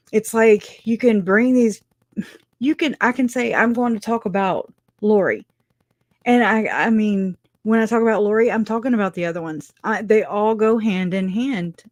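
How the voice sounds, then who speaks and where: A woman's voice: medium pitch, darkish tone, no room sound, clean studio sound. A middle-aged woman hosting a casual livestream, answering viewers in chat, chatty, with frequent laughs and restarts. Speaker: livestream host reading chat.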